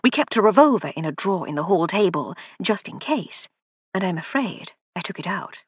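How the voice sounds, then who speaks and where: A composed upper-class lady speaks with cool, crisp poise, as a woman narrator plays her. Her voice is slightly husky and close to the mic, without room sound. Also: fairly low pitch, sing-song, moderate pace, dry recording, lo-fi sound. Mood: grim.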